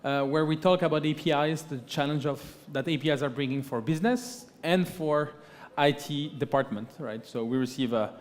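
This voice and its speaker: A man's voice: fairly high pitch, normal speed, hardly any pauses. A man speaking as a guest at a conference, with a hesitant delivery full of fillers, often ending points with "right?". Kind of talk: conference panel talk. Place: conference stage in a large hall. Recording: long hall reverb from a PA.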